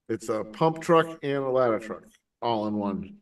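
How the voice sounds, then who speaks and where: A man's voice: mid-range voice, animated, normal speed, distant mic. A man, rambling through a story among friends, swearing and laughing often. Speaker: podcast host. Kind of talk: casual stoner chat with friends.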